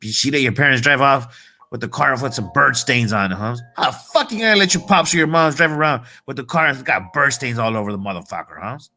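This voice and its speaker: Fired-up man cursing, bright voice. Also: mid-range voice, lively intonation, fairly quick, faint music behind. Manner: profane, heated, repetitive street slang. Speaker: motivational vlogger. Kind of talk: casual motivational rant.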